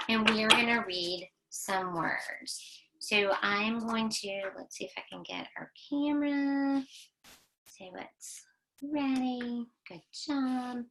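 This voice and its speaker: Slow, gravelly-voiced woman teaching phonics. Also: medium pitch. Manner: slow call-and-response drilling, sounding out words; gently encouraging, praising each try. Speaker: children's librarian teaching phonics. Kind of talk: online phonics lesson for young children.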